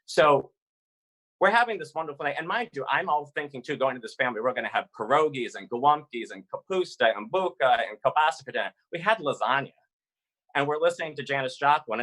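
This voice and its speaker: A man from Massachusetts telling a personal story live over a video call, animated and chatty with fillers. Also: mid-range voice, rough recording.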